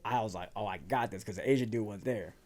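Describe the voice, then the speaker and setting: Casual male guest from Virginia, slight Southern twang, relaxed storyteller who acts out quotes. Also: lowish voice, fast. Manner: laid-back, drops into quoted asides, laughs often. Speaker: guest firefighter.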